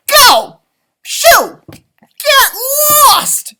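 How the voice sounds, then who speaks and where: A man putting on a furious shouting leprechaun. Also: extremely high pitch, huge pitch swings, very slow, voice pushed up, exaggerated voice. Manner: shouting, indignant. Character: furious little male leprechaun, grumpy and territorial.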